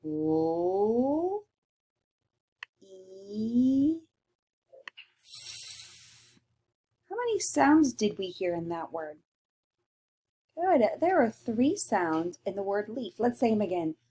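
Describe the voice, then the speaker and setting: A woman teaching a recorded lesson to young children. She speaks slowly and carefully, sounding out each letter. Her pitch swoops up and down in an animated, sing-song way. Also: slightly rough.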